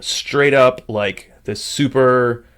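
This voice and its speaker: A man's voice: mid-range voice, takes it slowly, a bit bright, clean tone. A young man from Michigan, co-hosting a casual podcast in a thoughtful, questioning way. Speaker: podcast co-host. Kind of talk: casual chat.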